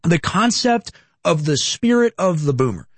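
Young male host, high voice, dry mic, emphatic ranting commentary with stacked rhetorical questions. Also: very animated, moderate pace, no echo. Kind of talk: opinionated political commentary.

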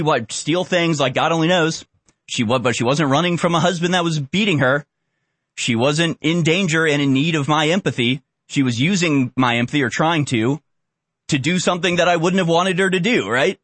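A man's voice: medium pitch, fairly quick, a bit bright, dry recording. A man hosting a commentary show, ranting bluntly and with exasperation. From Houston area. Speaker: commentary host.

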